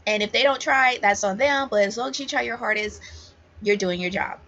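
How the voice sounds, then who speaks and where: A woman's voice: medium pitch, a little fast, fairly bright tone. A woman ESL teacher giving casual, emphatic advice to new teachers, repeating key points straight to the viewer. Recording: dull lo-fi audio.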